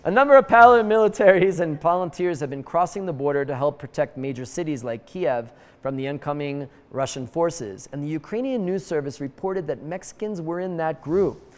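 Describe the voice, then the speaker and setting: Wry male news-show host, higher voice. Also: expressive, long reverb tail. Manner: wry, jokey asides with quick put-on voices. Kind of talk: comedic news monologue.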